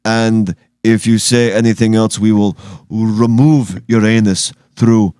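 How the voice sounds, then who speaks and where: A man doing a male militant fighter, boastful and threatening, in a heavy put-on foreign accent. He drags out each line with mock solemnity. The voice is smooth and dry, with no room around it. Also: fairly low pitch, fairly even intonation, takes it slowly, warm tone, no echo. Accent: put-on thick foreign accent.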